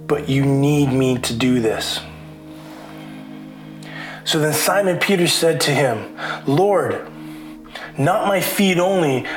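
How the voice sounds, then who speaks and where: A man preaching a casual sermon, chatty and animated, acting out voices as he retells the story. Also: on the high side, roomy sound. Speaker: pastor.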